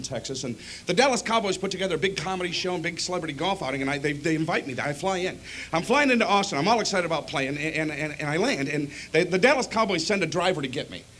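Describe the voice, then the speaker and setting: A man from Michigan doing an animated stand-up comedy set on a club stage. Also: fairly high pitch, very fast, a little hiss or hum. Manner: animated storytelling.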